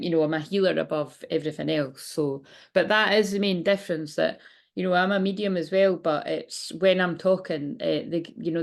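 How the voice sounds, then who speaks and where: A woman's voice: fairly low pitch, creaky. A woman giving a casual channeled tarot reading, rambling and chatty, often laughing between thoughts. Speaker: tarot reader.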